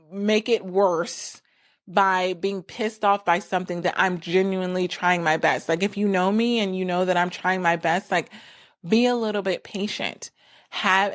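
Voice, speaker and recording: A woman's voice: medium pitch, a bit bright. A woman talking casually on her own, full of "like" fillers, who acts out what other people said. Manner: chatty, frequent "like" fillers, acts out quoted people. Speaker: podcast host. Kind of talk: casual solo talk.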